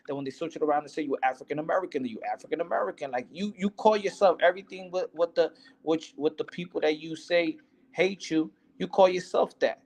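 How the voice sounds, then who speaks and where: A man's voice: fairly high pitch, a little fast, darkish tone. A young man, a boxer, talking in a casual interview in a heated, emphatic, profane way, often repeating himself.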